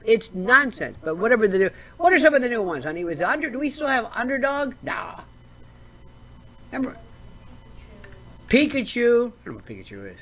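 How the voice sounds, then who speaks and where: An American woman hosting a show, delivering a sarcastic, rambling comedic rant full of digressions. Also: medium pitch. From United States. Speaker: show host.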